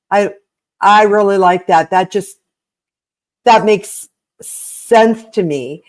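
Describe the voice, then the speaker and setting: A woman's voice: medium pitch, slow pace, pauses often. A woman co-hosting a podcast, talking conversationally and affirming her guest's ideas. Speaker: podcast co-host.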